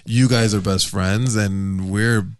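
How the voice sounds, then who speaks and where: A man's voice: on the low side, fairly even intonation, slow pace, smooth. A man hosting a casual podcast chat, loose and joking, swearing freely. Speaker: podcast host.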